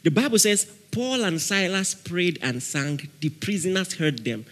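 A man preaching a sermon as pastor, animated, laughing often and shouting out dramatic prayer examples. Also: sits high, unhurried. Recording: long reverb of a large hall.

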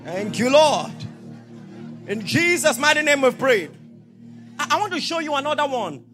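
Male pastor, animated sermon delivery, wide-ranging pitch, soft music underneath. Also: normal speed. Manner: animated preaching, rhetorical questions, swings from soft to shouting.

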